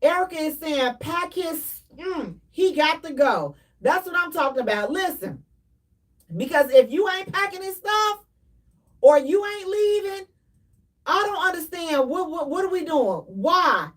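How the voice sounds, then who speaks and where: On live call-in radio, the female host speaks in a high voice at an unhurried pace, sitting somewhat far off the mic. She gets preachy and animated, says things more than once, and at times raises her voice to a shout.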